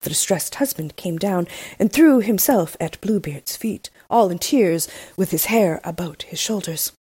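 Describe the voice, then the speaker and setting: Husky woman reading a fairy tale. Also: on the low side, measured pace, dry recording. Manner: steady reading with small slips. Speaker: storyteller. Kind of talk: fairy tale read aloud.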